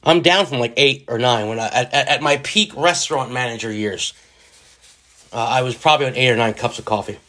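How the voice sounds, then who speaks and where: A man's voice: mid-range voice, a little fast, bright, forceful tone. A middle-aged man hosting his own podcast, rambling casually with jokey, self-deprecating asides while under the weather with a cold. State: sick with a cold. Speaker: podcast host. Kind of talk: casual solo podcast monologue.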